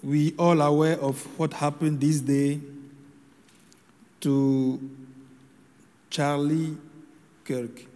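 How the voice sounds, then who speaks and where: Slow, high-voiced male preacher in a reverberant hall. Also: little pitch movement, dark tone. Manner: slow, measured homily delivery with solemn pauses. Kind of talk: sermon.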